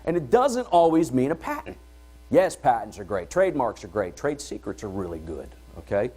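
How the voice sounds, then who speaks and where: A middle-aged man opens a conference from the stage, his pitch rising and falling freely as he talks. He keeps it conversational and energetic, checking in with the room as he goes. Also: moderate pace, slightly rough. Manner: energetic, conversational, asks "all right?" to the room. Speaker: event host and entrepreneur. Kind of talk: conference opening talk. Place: conference hall before an audience.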